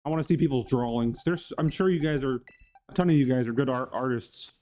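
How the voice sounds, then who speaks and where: A man's voice: mid-range voice, brisk, darkish tone. A man streaming live and hosting his channel, chatting casually in a rambling, goofy way and greeting viewers by name.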